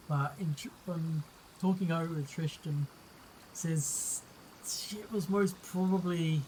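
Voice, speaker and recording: A man narrating a tabletop game as game master in a measured, descriptive way. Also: a little high, warm tone, slight background noise, poor audio.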